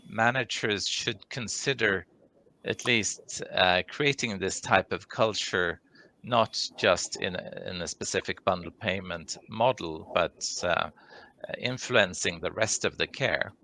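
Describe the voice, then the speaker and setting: Deep-voiced man answering questions. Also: bright, forceful tone. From Sweden. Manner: measured, hesitant with many ums and restarts. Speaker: conference speaker, orthopedic clinical leader. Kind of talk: live Q&A answers. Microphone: video call.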